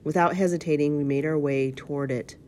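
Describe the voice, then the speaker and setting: Woman reading a children's storybook aloud, low voice, steady, small slips. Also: a little fast, slight background noise. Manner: steady, with occasional slips and restarts. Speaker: reader.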